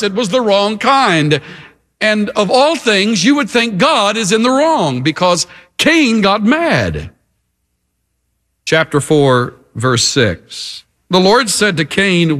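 A man preaching a sermon as a pastor, emphatic and with dramatic pauses. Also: high-pitched, very animated, a bit bright.

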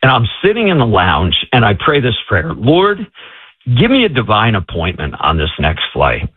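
Excitable man over a tinny line. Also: fairly low pitch, brisk, slightly rough, no room sound. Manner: excitable, acts out quoted voices. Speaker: guest author. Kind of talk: animated storytelling. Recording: tinny phone-like line, dry.

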